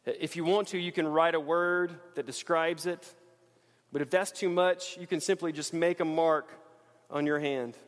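A man preaching a sermon to a congregation, swinging from urgent, impassioned pleading to quiet, hushed questions. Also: a little high, steady tone, moderate pace, long reverb tail. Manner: impassioned, builds to pleading then drops to hushed. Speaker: pastor. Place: church sanctuary.

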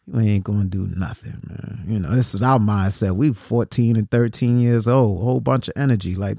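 In a dry, clean studio recording, a mid-range, darkish voice moves at a moderate pace. The speaker, a New York City podcaster and motivational speaker, talks casually on his own, often repeating words and asking "right?"

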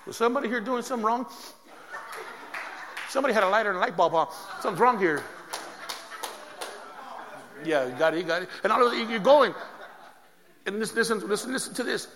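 A man preaching a sermon, telling a story with lively, laughing energy. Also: sits high, brisk, long pauses, long reverb tail, a little hiss or hum. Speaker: pastor.

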